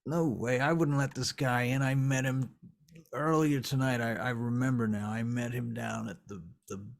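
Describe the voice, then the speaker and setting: A man's voice: fairly low pitch, takes it slowly, gravelly, breathy edge, heavily acted. A man doing a panicky cursing stoner. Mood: panicked. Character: stoned rough male apartment tenant, swearing and jumpy.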